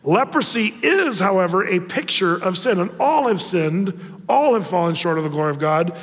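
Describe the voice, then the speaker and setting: A man preaching a sermon as pastor, conversational and animated, often restarting his phrases. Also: high-pitched, normal speed, big-room sound.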